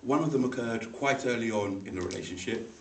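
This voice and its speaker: In a meeting room, a man at a speaking club gives a humorous personal storytelling speech, animated and brisk in a mid-range voice. He laughs along and now and then acts out the voices of the people in his tale. He sounds a little far from the mic in an echoey room, with faint background noise.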